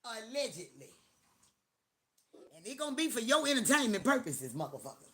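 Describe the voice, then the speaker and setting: A middle-aged woman hosting a live stream, talking in a loud, profane, joking rant. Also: a little high, sing-song, moderate pace, a crowd in the background. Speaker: livestream host. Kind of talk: casual live-stream chat.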